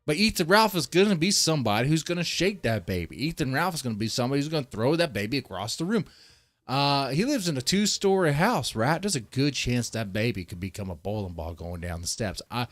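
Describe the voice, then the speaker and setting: A man's voice: medium pitch, lively intonation, a little fast, dry recording. A man hosting a livestream, rambling in casual, profane commentary and talking straight to his chat. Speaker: livestream host.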